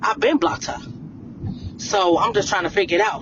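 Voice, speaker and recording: A woman's voice: medium pitch, normal speed. A blunt woman ranting live to her viewers, hammering each point with repetition. Her voice is a little muffled and lo-fi, with a faint hiss behind it. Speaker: livestreamer. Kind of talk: heated livestream rant.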